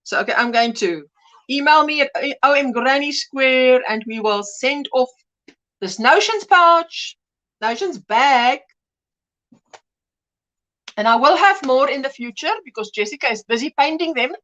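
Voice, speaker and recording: A woman hosts a relaxed livestream, chatting freely and reading out viewer comments. Her voice sits high and swoops animatedly up and down. She laughs easily between thoughts. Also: a little slow, pauses often, highs cut off. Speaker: livestream host. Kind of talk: casual livestream chat.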